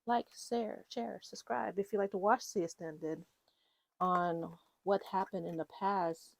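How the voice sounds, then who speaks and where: A woman's voice: medium pitch, steady tone, measured pace, creaky, no echo. A woman giving a casual, rambling tarot reading to her viewers, full of fillers and restarts. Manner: chatty, rambling, with fillers and self-corrections. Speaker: tarot reader.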